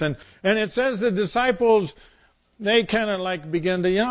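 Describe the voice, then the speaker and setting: A man's voice: sits high, moderate pace, muffled recording. A man preaching a sermon in a storytelling way, acting out scenes with different voices.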